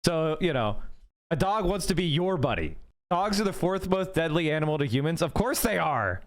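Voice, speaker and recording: A male live streamer in casual chat, arguing his points quickly and talking straight to his viewers, his voice going hoarse. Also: fairly high pitch, animated. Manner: fast, argumentative, talks straight to chat. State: losing his voice.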